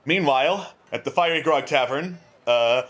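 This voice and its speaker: A man's voice: on the high side, normal speed, fairly bright tone. A man narrating a tabletop game as game master, chatty and full of fillers.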